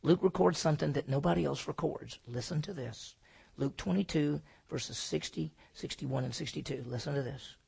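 A man preaching a sermon, swinging from loud emphatic lines to hushed, near-whispered ones and answering his own questions. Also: a little high, normal speed, creaky, husky. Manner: asks the congregation questions and answers them himself. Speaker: pastor.

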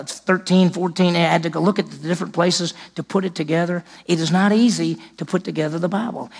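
Man preaching, retells scripture scenes with acted dialogue, gravelly voice, church setting. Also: a little high. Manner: storytelling preacher who acts out the scripture dialogue. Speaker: pastor. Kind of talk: sermon.

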